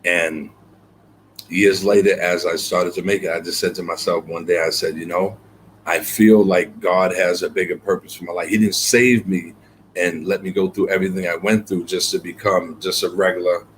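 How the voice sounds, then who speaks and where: A man with a very low voice speaks as a guest poet in an interview. He tells his story earnestly, pausing on fillers and repeating phrases. A faint hiss of noise sits under his voice. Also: fairly even intonation. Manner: reflective, earnest, many fillers and repeated words.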